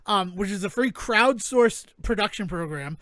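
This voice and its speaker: A man's voice: high-pitched, lively intonation, normal speed, fairly bright tone. A man in his thirties co-hosting a podcast, telling rambling stories with frequent chuckles. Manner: rambling storyteller, chuckles often. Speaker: podcast co-host. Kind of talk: casual chat.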